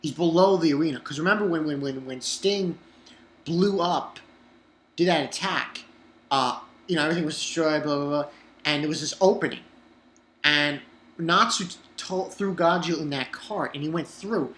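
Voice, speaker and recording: A man reviewing a manga chapter in an excitable, profane, rambling way. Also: fairly high pitch, normal speed. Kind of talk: casual online review.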